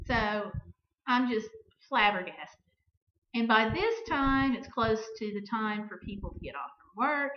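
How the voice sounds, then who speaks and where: A middle-aged woman hosting a vlog, telling a personal story in an animated way and acting out both sides of an argument. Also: fairly high pitch, measured pace. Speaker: vlog host. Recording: echoey, dull-sounding room recording.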